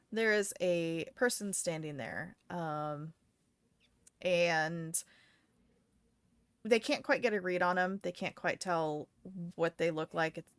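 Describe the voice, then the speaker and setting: Casual woman GM, bright, dry close sound. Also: on the low side, clean tone, no echo. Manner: casual, halting with fillers. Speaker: game master. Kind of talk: narrating a tabletop game.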